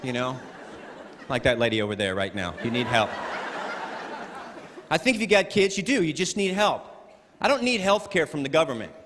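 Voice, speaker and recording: A man performing a stand-up comedy set, animated and full of character voices, before a live audience. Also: mid-range voice, normal speed, pauses often. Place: large hall with live audience. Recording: echoey hall, crowd laughter, noisy.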